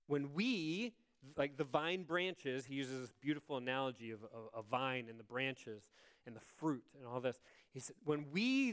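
A man gives a sermon in an easygoing, conversational manner, often pausing to check in with the congregation. His voice sits a little high for a man and sounds smooth and clear. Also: a bit bright. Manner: conversational, asks the congregation "right?". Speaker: pastor.

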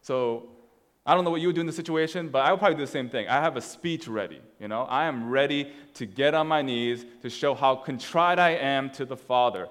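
A man gives a sermon in a relaxed, conversational style, telling a story to a congregation. His voice sits in a middle register. The sound carries the long reverb of a church hall. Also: mid-range voice, brisk. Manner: conversational, casual, storytelling with slides. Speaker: pastor.

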